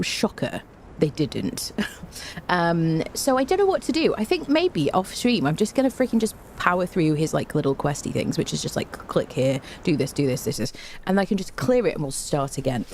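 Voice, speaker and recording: A woman's voice: low voice, darkish tone, slight background noise. A tired woman game streamer in casual live-stream chat, bubbly and chatty as she greets her viewers one by one with repeated hellos.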